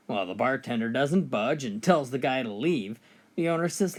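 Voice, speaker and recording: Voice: medium pitch, lively intonation, normal speed. A joke teller reading out a run of short funny stories, switching briefly into voices for the characters.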